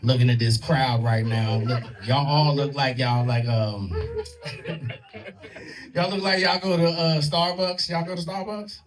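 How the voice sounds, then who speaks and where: A man in his thirties tells crude, streetwise jokes in a loose stand-up set. His voice sits a little high for a man. It is caught from some way off the mic, with a noisy club audience laughing and clapping behind him. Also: sing-song, slow, crowd noise. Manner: loose, profane, streetwise storytelling with crude punchlines. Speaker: stand-up comedian. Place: comedy club stage with a live audience. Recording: distant mic in a loud crowded club.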